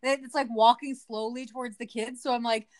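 A woman's voice: fairly high pitch, steady tone, a little fast, darkish tone, no room sound. A woman co-hosting a podcast, telling stories frankly and casually, with some swearing. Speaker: podcast co-host. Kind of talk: casual chat.

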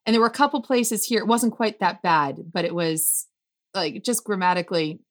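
A woman's voice: mid-range voice, normal speed. Chatty woman discussing plays. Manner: animated, laughs often, acts out quoted lines. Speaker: podcast co-host discussing plays. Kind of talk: casual chat.

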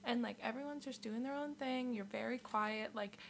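A woman's voice: on the high side, vocal fry, a little hiss or hum. A young woman co-hosting a podcast, telling a chatty story full of "like" in casual conversation. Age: young adult. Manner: chatty storytelling, heavy use of "like", quick to laugh. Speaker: podcast co-host. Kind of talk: casual chat.

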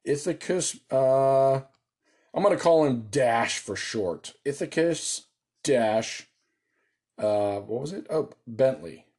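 Excitable, foul-mouthed American man. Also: mid-range voice, slow pace. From United States. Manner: excited, joking, swears casually. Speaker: solo tabletop game player. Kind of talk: casual solo game chat.

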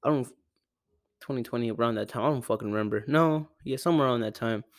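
A man's voice: medium pitch, fast, dry recording, studio quality. Profane young man ranting about football. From Arizona. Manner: rambling, profane, self-correcting. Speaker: sports podcaster. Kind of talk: casual profane sports rant. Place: home room with a cat. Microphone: close desk mic.

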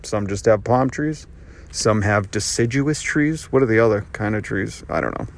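A man's voice: on the low side, expressive, moderate pace. A man hosting his own podcast, delivering a rambling, sarcastic and profane solo rant. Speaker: podcast host. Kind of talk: ranting monologue.

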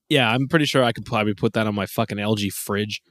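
A man's voice: lowish voice, a little fast, fairly bright tone, no echo, studio quality. A man co-hosting a casual gaming chat, laughing often and swearing freely. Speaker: podcast co-host.

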